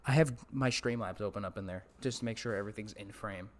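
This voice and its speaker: A man hosts a casual esports podcast from his streaming setup. He rants about tournaments and swears freely, stopping now and then to greet his live chat. His voice sits at a middling pitch for a man. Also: fairly even intonation, quick pace, darkish tone. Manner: profane, ranting, talks to live chat. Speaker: podcast host.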